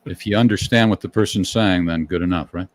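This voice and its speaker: A man's voice: sits low, brisk. A man hosting a podcast, chatting in an easygoing way and dropping wry asides. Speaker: host. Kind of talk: casual podcast chat.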